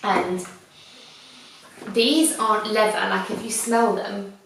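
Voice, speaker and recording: A woman's voice: mid-range voice, fairly even intonation, slow, creaky, fairly bright tone, distant mic, a little hiss or hum. A woman, chatting enthusiastically through a fashion haul review, rambling with little restarts. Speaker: fashion vlogger. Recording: very echoey room, away from mic.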